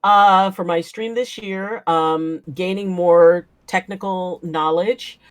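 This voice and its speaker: A woman's voice: lowish voice, fairly even intonation, takes it slowly, clean tone, no echo. A woman, a chiropractor, guesting on a casual chat show and telling stories animatedly, acting out what people said and laughing often.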